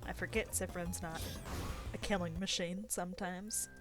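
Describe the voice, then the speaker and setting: Over music, a woman plays a game and casually comments, reading its text aloud while rambling and playfully poking fun at herself. This let's player has a lowish voice with fairly even intonation and a normal speed.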